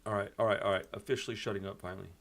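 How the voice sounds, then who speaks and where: A man's voice: fairly low pitch, flat delivery, racing, gravelly, a bit bright. A man hosting a punk rock channel, upset and venting in a rambling, casual way that is full of "dude" and "bro.".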